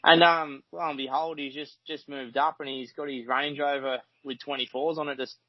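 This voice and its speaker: Rambling Australian bloke, dry dull audio. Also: male voice, on the high side, flat delivery, normal speed, no echo. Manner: rambling, swears casually, laughs often. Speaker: podcast guest, mechanic. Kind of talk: casual chat.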